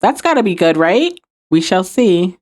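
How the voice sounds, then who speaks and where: A woman's voice: fairly low pitch, very animated, unhurried, darkish tone. Chatty, wry woman podcast host. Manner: chatty, wry, laughs often. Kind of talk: casual episode recap.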